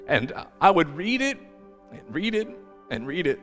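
A male pastor talks through a personal sermon with earnest restarts, his voice sitting fairly high. He sounds close to tears. The church hall adds a long reverb, with soft music playing faintly behind him. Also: very animated, moderate pace. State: emotional, near tears.

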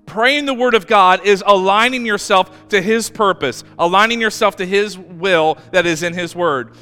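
Male pastor, bright and smooth, conversational sermon with emphatic readings; long church-hall reverb. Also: sits high. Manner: conversational and halting, with many restarts, building to emphatic scripture reading. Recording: long reverb with faint music.

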